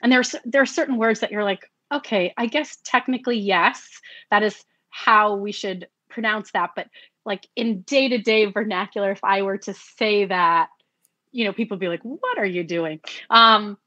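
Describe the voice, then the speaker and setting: A woman's voice: mid-range voice, moderate pace, pushed and bright, no echo, dull audio. A woman who works as an audiobook narrator, chatting in an interview and acting out her own quoted thoughts with bursts of laughter. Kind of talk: conversational interview.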